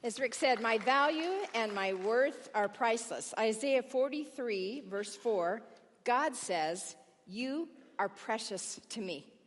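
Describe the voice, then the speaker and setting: A woman preaching a sermon as pastor, explaining in a measured, teaching manner. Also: fairly high pitch, animated. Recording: long reverb of a large hall.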